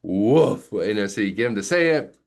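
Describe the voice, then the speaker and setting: A music teacher in his thirties talks through his classroom approach in a relaxed, conversational way. His pitch swings widely as he acts out sounds for young children, keeping the talk lively and playful. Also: fairly quick, clear, resonant tone. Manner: animated, demonstrates sounds with voice play. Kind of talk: casual explanatory talk.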